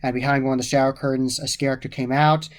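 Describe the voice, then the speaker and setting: Man, mid-pitched, casual reviewer; eager and gushing, repeats his praise a lot. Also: flat delivery, fast. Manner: enthusiastic, repeats praise phrases often. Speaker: haunted attraction reviewer.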